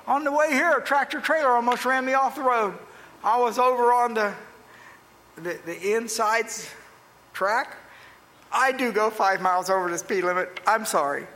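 A male pastor from Pennsylvania preaching a sermon, telling folksy stories, booming on emphasis and dropping to quiet asides. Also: moderate pace, big-room sound, a little hiss or hum, poor audio.

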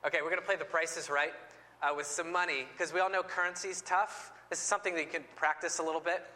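A man's voice: fairly high pitch, fairly even intonation, fast talker, bright, forceful tone. A man presenting to an audience with playful, joking asides. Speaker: missionary presenter. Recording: long hall reverb.

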